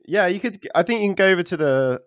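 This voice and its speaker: A man with a West Country English accent chats on a podcast, blunt and casually profane. His pitch rises and falls a lot as he talks. The sound is dry and close, with no room echo. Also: lively intonation, fast. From Somerset, England. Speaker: podcast guest. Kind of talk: casual chat.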